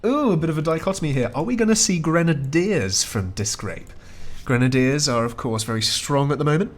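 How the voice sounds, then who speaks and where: An esports caster with a fairly high voice hosts a strategy game match, delivering chatty, wry play-by-play at a fairly quick pace. He chuckles often.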